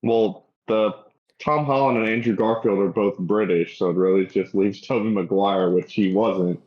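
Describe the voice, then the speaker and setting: A laid-back man adds short remarks to a casual movie podcast. His voice is low, and his audio sounds dull and lo-fi, as if it came through a weaker mic. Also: steady tone, moderate pace. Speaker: podcast co-host. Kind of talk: casual movie review chat.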